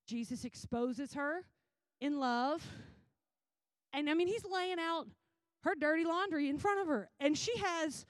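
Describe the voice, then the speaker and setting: A woman preaches a sermon and retells scripture stories in an animated, casual way with slang. Her voice sits high. The recording is close and dry, with no room sound. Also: measured pace, dry recording.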